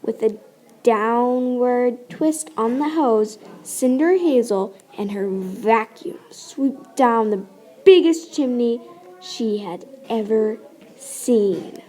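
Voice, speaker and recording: A woman reading a children's story aloud with expressive, playful narration and sound effects. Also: on the high side, slow. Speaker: storybook reader.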